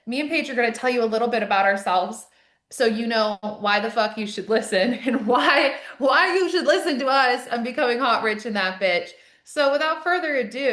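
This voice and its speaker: A young woman coach hosting a live online masterclass, gushing and energetic, swearing freely. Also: a little high. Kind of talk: hyped live-stream pep talk. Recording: echoey room.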